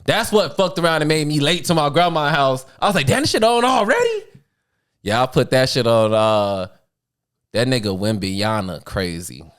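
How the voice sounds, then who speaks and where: Slangy, animated man, smooth clear voice. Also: mid-range voice, normal speed. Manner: slangy, laughing, animated storytelling. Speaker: podcast co-host. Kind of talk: casual chat.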